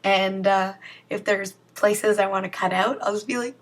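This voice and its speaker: A woman's voice: medium pitch, level tone, unhurried, bright, forceful tone. A young woman talking casually to her viewers in a rambling, self-mocking vlog. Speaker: vlogger. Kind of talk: casual vlog chat to camera.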